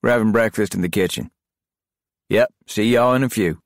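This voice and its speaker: A man voicing a laid-back male soldier, curt and husky. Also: fairly low pitch, normal speed, no echo, clean studio sound, pitched above the performer's own voice, close to an everyday voice. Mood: easy.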